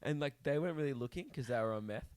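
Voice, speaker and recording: A man's voice: mid-range voice, animated, racing, a little mellow, clear, resonant tone. A young man co-hosting a casual podcast, trading dry jokes and banter from a small hotel room. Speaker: podcast co-host. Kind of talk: casual chat.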